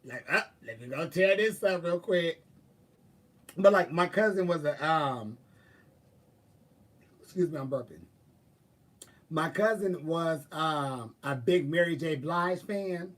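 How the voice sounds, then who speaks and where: A man with a slightly high voice talks with viewers in a loose, sassy way. He swears freely and throws out drawling asides. He sits a little back from the mic. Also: expressive, takes it slowly, pauses often, distant mic. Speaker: live-stream host. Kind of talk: casual chat, answering viewers.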